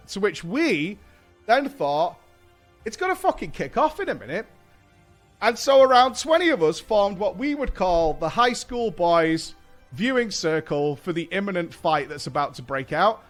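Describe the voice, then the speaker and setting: Animated man telling a story. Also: sits high. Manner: animated, swears a lot, acts out quotes. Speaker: streamer. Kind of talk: casual storytelling to stream chat. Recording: faint music behind.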